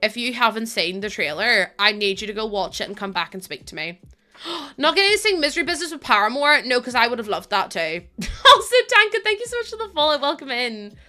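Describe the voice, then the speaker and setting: Bright-voiced chatty woman streamer. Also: fairly high pitch, very animated, fairly quick. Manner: chatty, laughs often, reads out and thanks chat. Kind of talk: casual live-stream chat.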